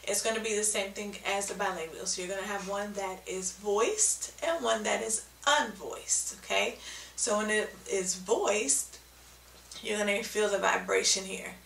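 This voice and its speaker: A woman's voice: mid-range voice, measured pace, vocal fry, fairly bright tone, echoey room, distant mic, slight background noise, poor audio. A woman giving a patient, step-by-step video lesson on speech sounds, often checking in with "okay?". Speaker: speech therapy teacher.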